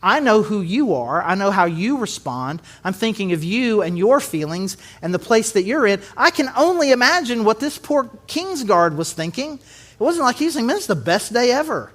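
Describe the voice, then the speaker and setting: High-voiced pastor preaching a casual sermon. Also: male voice, normal speed. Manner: conversational, animated with acted quotes.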